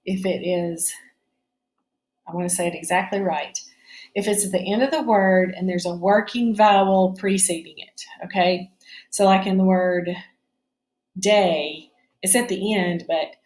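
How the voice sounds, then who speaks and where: A woman's voice: medium pitch, darkish tone. A middle-aged woman teaching a recorded phonics lesson from her home kitchen, talking patiently and checking in with her students often.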